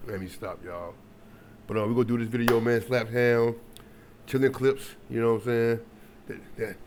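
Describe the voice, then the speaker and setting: A man hosting a reaction video, chatting casually with slang and jokey asides. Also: medium pitch.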